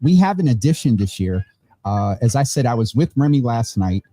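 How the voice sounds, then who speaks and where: A tired man hosting a relaxed, chatty online show from a warm room at home, laughing now and then. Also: medium pitch, moderate pace, no room sound, soft background music. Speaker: host. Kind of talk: casual chat. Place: hot room at home with vents and fan. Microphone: phone or video call.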